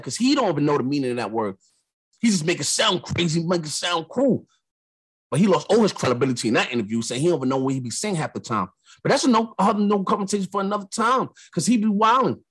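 A young man from New York with a New York accent, hosting a podcast and telling a story in a casual monologue, animated, acting out the lines of the people in it. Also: on the high side, husky. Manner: animated storyteller, acts out quotes. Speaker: podcast host.

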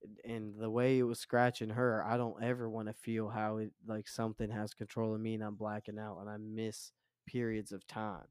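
A young man spins a wild tale as a podcast guest, swearing freely and acting out the voices. His voice is smooth and clear. The sound is close and dry, with no room echo. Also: fairly low pitch, moderate pace. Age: 20s. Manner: profane, animated storyteller. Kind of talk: casual storytelling.

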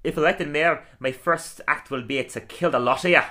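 A man voicing a gruff older Scottish cartoon groundskeeper with a put-on Scottish accent, speaking in blustery, rough-edged lines. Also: a little high, moderate pace, bright, forceful tone, voice pushed up. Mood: blustering.

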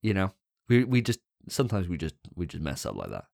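A man's voice: low-pitched, huge pitch swings, brisk, creaky, a little mellow, no echo, studio quality. A man co-hosting a casual gaming podcast, teasing the others with sarcastic banter. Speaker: podcast co-host.

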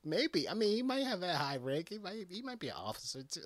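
A man who works as an EMT, ranting casually and profanely about a movie, swinging between hushed asides and loud outbursts. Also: sits high, very animated, a little fast. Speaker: EMT giving movie reactions. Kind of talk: casual rant to camera.

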